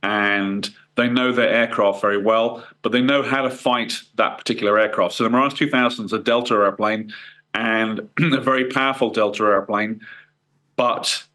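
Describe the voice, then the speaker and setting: A middle-aged man with a croaky voice from a cold, answering interview questions in a hesitant way with fillers and restarts. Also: lowish voice, fairly even intonation, normal speed, sharp tone. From United Kingdom. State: hoarse from a cold. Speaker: guest, former fighter pilot.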